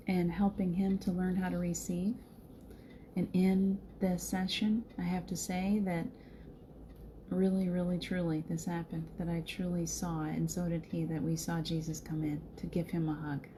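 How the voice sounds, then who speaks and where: A woman's voice: lowish voice, flat delivery, normal speed, dark tone, a little hiss or hum. A middle-aged woman with a slight Southern American accent, hosting a casual live stream, greeting viewers by name and laughing often. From Southern United States. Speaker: spiritual live-stream host.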